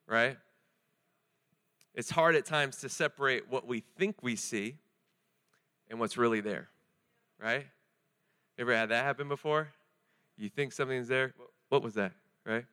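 A young man preaching a sermon in a casual, joking and animated way, with many fillers. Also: medium pitch, clean tone.

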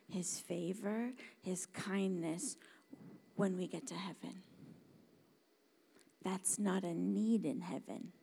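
A woman preaching a sermon, dramatic and emphatic, dropping to hushed whispers and then rising to loud exclamations. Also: medium pitch, gravelly, slightly rough. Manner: emphatic, repeats words for stress.

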